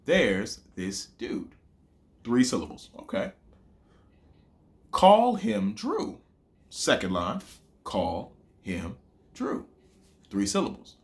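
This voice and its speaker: A young man with a Southern accent, teaching a playful lesson that mixes in rap bars. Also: mid-range voice. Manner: lively, playful, chanting lines slowly for emphasis.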